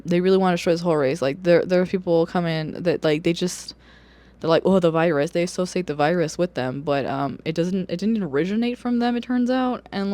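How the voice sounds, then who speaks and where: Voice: mid-range voice, a little mellow. A book vlogger in casual review chat, talking loosely with lots of fillers, swearing and bursts of laughter. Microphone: camera or phone on a wobbly stand.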